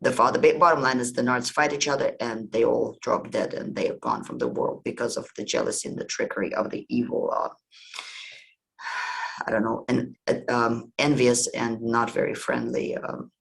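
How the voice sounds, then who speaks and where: Male podcast host, gravelly voice, casual meandering storyteller. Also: medium pitch, steady tone, normal speed, fairly bright tone, low-quality recording. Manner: conversational, meandering retelling.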